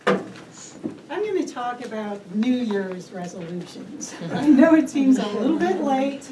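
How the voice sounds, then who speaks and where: A woman's voice: on the high side, big pitch swings, slow pace. A woman giving a prepared speech at a club meeting, friendly and self-mocking. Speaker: club speaker. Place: meeting room. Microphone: room mic from a distance. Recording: echoey room, distant mic, background noise.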